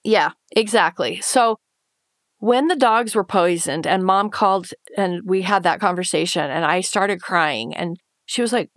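At a measured pace and a fairly low pitch, a woman tells a painful personal story as an interview guest. She's earnest and emotional, acting out her past inner thoughts and others' voices, with clean studio sound and no room noise.

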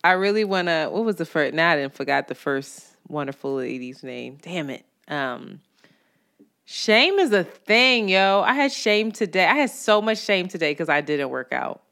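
Frank, lower-voiced woman podcast host. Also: expressive, fairly bright tone. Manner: frank and laughing, quick asides. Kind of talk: casual chat.

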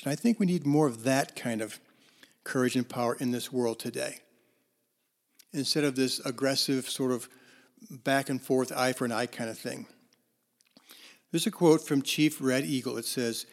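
A man's voice: medium pitch, moderate pace, vocal fry, darkish tone. A male counselor telling parables in a conversational talk, with fillers and restarts. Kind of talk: storytelling talk on forgiveness.

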